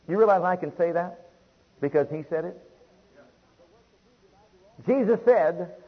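Husky-voiced preacher declaring in a high voice. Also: male voice, expressive, normal speed, long pauses, dull audio. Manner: emphatic, rhythmic declarations with repeated phrases. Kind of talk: sermon.

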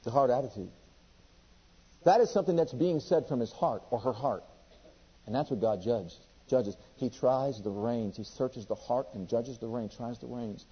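A man preaching a sermon with passion, reading scripture aloud and swinging between loud and hushed delivery. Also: medium pitch, normal speed, slightly rough, in a large hall. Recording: dull lo-fi sermon recording.

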